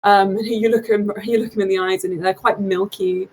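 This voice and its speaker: A woman running a tabletop game as game master, narrating scenes in a relaxed, hesitant way with many fillers. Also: mid-range voice, brisk, breathy edge, low-quality recording.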